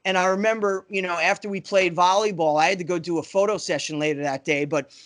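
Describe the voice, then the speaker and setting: A man's voice: sits high, fairly even intonation, fast, a bit bright. A man in his fifties, a guest musician on a podcast, telling enthusiastic, rambling anecdotes full of "you know". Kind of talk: casual podcast storytelling.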